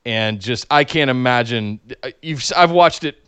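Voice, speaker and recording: A man co-hosting a podcast in casual chat, animated and exclamatory like an excited fan. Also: mid-range voice, moderate pace, clean tone, no echo. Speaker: podcast co-host. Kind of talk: casual wrestling recap chat.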